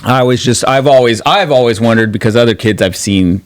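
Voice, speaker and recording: A man's voice: mid-range voice, a little fast, no room sound. A man co-hosting a podcast, talking in loose, rambling casual chat that trails off and restarts. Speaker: podcast co-host.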